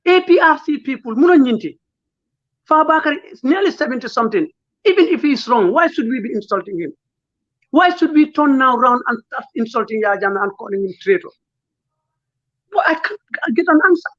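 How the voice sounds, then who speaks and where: A man's voice: extremely high pitch, expressive, brisk, fairly bright tone. A man, a lawyer speaking as an interview guest, emotional and pleading, firing off rhetorical questions. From Gambia. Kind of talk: impassioned interview talk. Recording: dull lo-fi sound.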